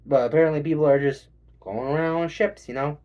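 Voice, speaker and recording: A man doing a stand-up set, rambling and swearing and acting out quick voices. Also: a little high, steady tone, a little mellow, highs cut off. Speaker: stand-up comedian.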